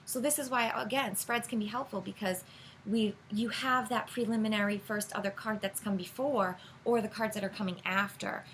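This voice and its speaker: A woman's voice: mid-range voice, steady tone, moderate pace, a bit bright, a little hiss or hum, poor audio. A woman tarot reader teaching beginners in a loose, rambling way, with many fillers and restarts. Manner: rambling, filler-heavy, self-correcting. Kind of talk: casual teaching monologue.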